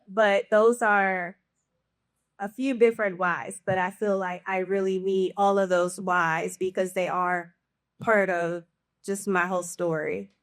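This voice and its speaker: A woman's voice: medium pitch, flat delivery, a little slow. A woman guest in a casual podcast conversation, speaking in an earnest, reflective way with many fillers.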